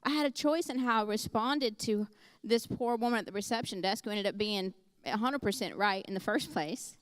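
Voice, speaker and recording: A middle-aged woman delivers a conversational sermon, slipping easily into storytelling. Her voice sits a little high and sounds smooth and clear. The sound is dry, with almost no room echo. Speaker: preacher.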